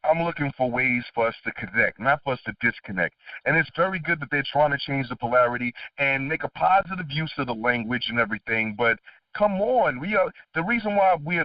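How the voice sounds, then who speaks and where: A middle-aged man hosting a podcast, talking in a casual, animated way, swearing freely and laughing between his points. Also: on the high side, dry recording. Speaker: podcast host. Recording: dull distant lo-fi dry recording.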